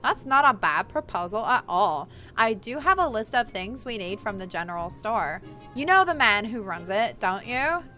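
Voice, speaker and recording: A woman's voice: mid-range voice, big pitch swings, moderate pace, sharp tone, soft background music. A woman doing a haughty posh stepsister. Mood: condescending. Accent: put-on posh accent. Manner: cold, imperious, dismissive. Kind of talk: reading a visual novel aloud.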